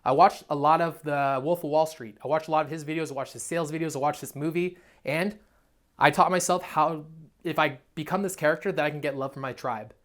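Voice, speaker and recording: A man's voice: fairly high pitch, fairly even intonation, a little fast, a bit bright. A young man, a dating coach, giving a blunt, profane, emphatic motivational monologue. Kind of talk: motivational self-help monologue.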